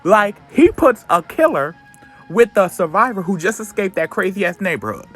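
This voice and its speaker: A man retelling a comic story in casual, slangy, animated chat. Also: sits high, moderate pace, soft background music. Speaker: comic recap host.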